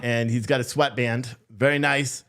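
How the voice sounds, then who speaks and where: A man's voice: mid-range voice, steady tone, normal speed, heavy background noise. A man hosting a live stream, chatting casually and sarcastically with his viewers and swearing freely.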